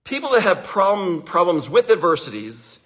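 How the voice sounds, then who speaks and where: A man's voice: high-pitched, big pitch swings, moderate pace, fairly bright tone, husky. A man who owns a winery giving an enthusiastic, repetitive motivational talk, laughing often.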